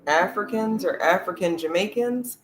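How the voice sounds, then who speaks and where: A man hosting a casual conversation, measured and reflective. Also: high-pitched, noisy background.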